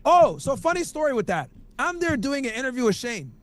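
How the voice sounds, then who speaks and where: A man's voice: very high voice, sing-song, fairly quick. A man chatting casually as a streamer, telling rambling stories full of crude slang. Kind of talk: casual podcast chat.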